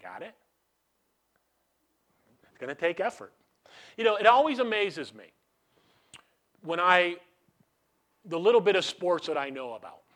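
A middle-aged man preaching a sermon as a pastor. He asks the congregation questions and lets them answer, and he swings between loud emphatic bursts and quiet asides. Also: high voice, sing-song, a little slow, long pauses. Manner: call-and-response questions to the congregation.

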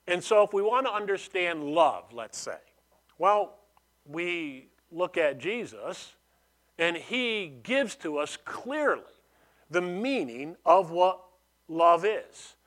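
Slow-talking male preacher, conversational. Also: sits high, very animated, fairly bright tone. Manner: conversational preaching, frequent restarts and "you know". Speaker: pastor. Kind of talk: sermon.

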